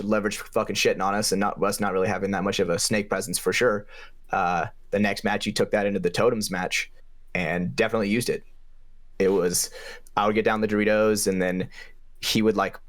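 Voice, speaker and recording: A young man co-hosting a podcast, telling a game story in a casual, profane way, with his voice jumping up in pitch for emphasis. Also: a bit bright. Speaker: podcast co-host and paintball player.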